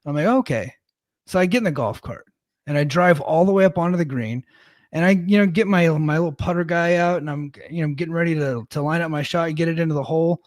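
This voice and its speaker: A man's voice: on the high side, quick pace, no room sound, studio quality. A man in his thirties, co-hosting a podcast, tells a rambling, self-deprecating story in casual chat with lots of restarts. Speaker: podcast co-host.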